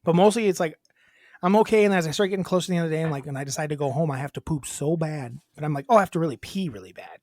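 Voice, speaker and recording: A woman's voice: sits low, fairly even intonation, racing, dark tone, dry recording. A woman co-hosting a podcast, chatting casually in a blunt, rambling, crude way. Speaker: podcast co-host. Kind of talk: casual chat.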